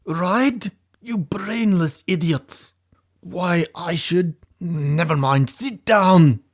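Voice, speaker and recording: A furious storybook gang leader who barks slow, heavy insults in a raised, strained voice, as a man puts him on. He is bossy and scornful. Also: mid-range voice, pitched above the performer's own voice. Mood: angry.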